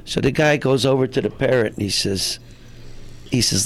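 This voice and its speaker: A man's voice: medium pitch, normal speed. A man, a comedian guest, telling jokes and acting out the characters in them. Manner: telling jokes with acted voices, gravelly. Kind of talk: joke telling.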